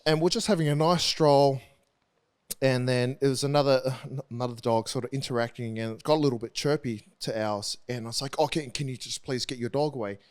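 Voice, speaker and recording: A man in his thirties, a rugby league player, talking candidly as a podcast guest in an earnest, halting way with frequent restarts. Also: medium pitch, a little mellow, clear, resonant tone.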